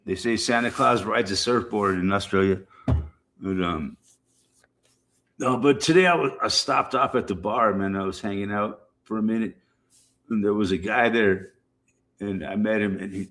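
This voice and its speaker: A man's voice: lowish voice, normal speed, a bit bright. A middle-aged man chatting casually and rambling to his stream viewers, swearing freely and repeating himself. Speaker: livestream host.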